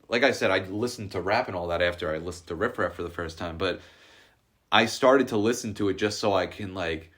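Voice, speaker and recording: A young man hosting an unedited podcast, telling long rambling stories in casual chat full of filler words. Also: low voice. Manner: rambling, animated storytelling with a lot of filler. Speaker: podcast host.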